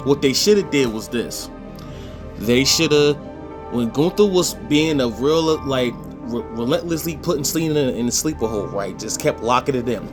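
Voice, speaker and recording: A man, passionately ranting in a casual opinion vlog and swearing freely. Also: mid-range voice. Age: 20s. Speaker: commentator.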